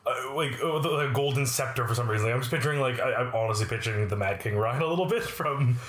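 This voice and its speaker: A man's voice: mid-range voice, fast talker, fairly bright tone. Chatty young man in an echoey room. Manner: joking and chatty, sipping beer. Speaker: podcast co-host. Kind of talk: casual chat. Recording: roomy echo.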